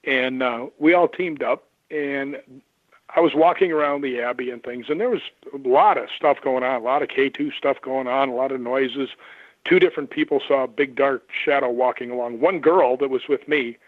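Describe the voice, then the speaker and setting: A man who investigates the paranormal, telling lively stories and acting out the voices of the people in them. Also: medium pitch, moderate pace, no echo. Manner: animated anecdotes, acts out quoted voices. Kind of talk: storytelling on a radio call-in. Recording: tinny phone line.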